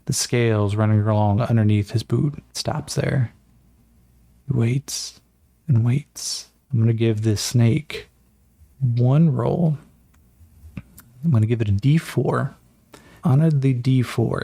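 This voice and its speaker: A man's voice: medium pitch, creaky, dark tone, husky. A man running a solo tabletop game as game master, narrating in a casual, profane, self-mocking way.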